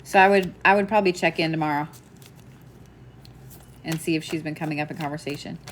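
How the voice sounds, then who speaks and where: A woman with a fairly low voice gives live psychic readings in a loose, chatty way. She laughs easily and drops the odd swear word. A faint hiss sits under the recording. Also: brisk. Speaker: psychic medium.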